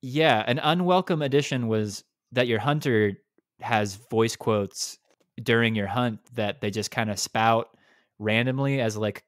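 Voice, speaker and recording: A man's voice: mid-range voice, unhurried, dry recording. Ranting man on a dry podcast mic. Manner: animated, ranting, lots of restarts. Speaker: podcast co-host. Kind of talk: casual gaming podcast chat.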